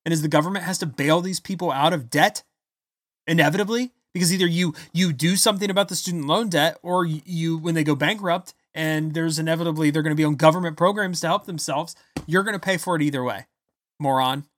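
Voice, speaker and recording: A man giving an angry, blunt political rant, loud and insulting as he talks. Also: a little high, fast, dry recording, studio quality. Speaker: political commentator. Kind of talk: ranting political commentary.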